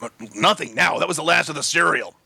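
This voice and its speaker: A man voicing a gruff, irritable middle-aged biker in a storybook reading, grumbling and exasperated. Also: fairly high pitch, animated, fast talker, pushed and bright, no echo, full character voice. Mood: irritated.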